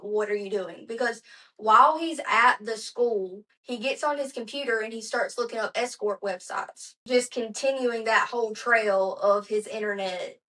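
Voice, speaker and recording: A woman's voice: on the high side, a bit bright, rough recording. A woman hosting a podcast, narrating a true crime story in a chatty, conversational way with asides. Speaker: podcast host.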